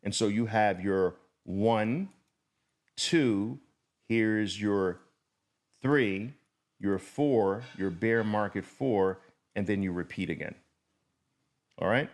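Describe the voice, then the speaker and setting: A middle-aged man teaching chart patterns, speaking deliberately and repeating key words for emphasis as he draws. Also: fairly low pitch. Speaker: trading educator. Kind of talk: chart-drawing lesson.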